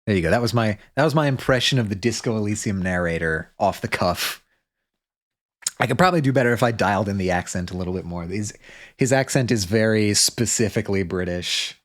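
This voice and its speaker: A male streamer thinking aloud in casual chat, rambling and restarting his sentences. His voice sits a bit low. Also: a little fast. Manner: rambling, self-interrupting, many restarts and fillers.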